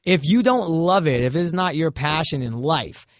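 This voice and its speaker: A man's voice: fairly high pitch, animated, moderate pace, no echo. Brooklyn guy in his 30s w/ new york accent, chatty and candid, dry close mic. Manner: candid, storytelling, frequent restarts. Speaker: actor guest. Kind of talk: casual interview chat.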